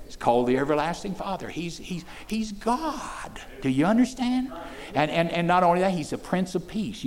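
An older man, preaching to children, moving between soft, folksy asides and loud, emphatic declarations. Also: a little high. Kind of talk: sermon to children.

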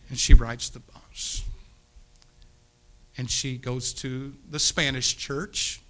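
A man preaching, telling a personal story in a sermon, earnest and pleading, his voice swinging from loud to hushed. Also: mid-range voice, fairly even intonation, slow. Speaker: pastor.

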